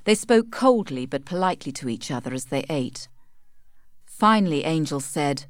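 A woman reading a novel chapter aloud as narrator, in a measured, clear way. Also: extremely low pitch, no echo, clean studio sound. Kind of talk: scripted audiobook narration.

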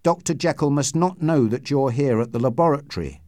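A fearful, deferential old manservant, as a male reader puts him on, pitched up and loud with anxiety. The sound is dry and close. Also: a little fast, no echo, close to an everyday voice. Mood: anxious. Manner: deferential, anxious, keeps saying sir. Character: frightened old male servant, long-serving, deferential.

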